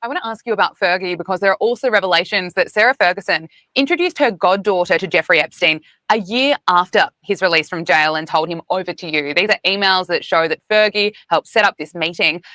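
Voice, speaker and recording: A woman presenter runs a news interview and puts her questions quickly. Her voice is bright and forward, and it sounds dry and close to the mic. She frames each question with a pointed edge. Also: on the low side, no room sound.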